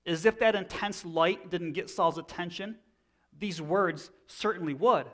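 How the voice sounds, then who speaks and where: A man's voice: high voice, measured pace, a bit bright. A man in his thirties preaching a sermon in a conversational teaching manner, often restarting phrases. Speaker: pastor.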